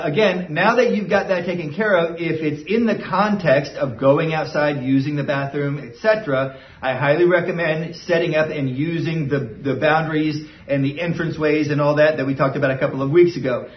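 A man who trains dogs walks through obedience steps in a relaxed, explaining way. His voice sits a little high and comes from away from the mic. The sound is roomy and dull. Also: recorded from a distance. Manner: casual, explains step by step, often adds "right?". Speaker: dog trainer. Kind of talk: instructional talk.

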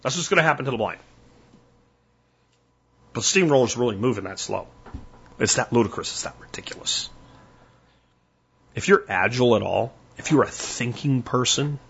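An older man hosting a solo podcast, talking bluntly and emphatically in warning tones, with a husky voice. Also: medium pitch, fairly bright tone, dull audio. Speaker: podcast host.

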